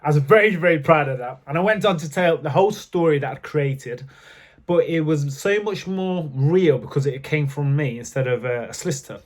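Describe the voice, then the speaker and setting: A man's voice: fairly high pitch, fairly quick. A man telling candid personal stories to camera in a chatty way, with frequent fillers. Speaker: vlogger. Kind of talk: casual storytelling to camera.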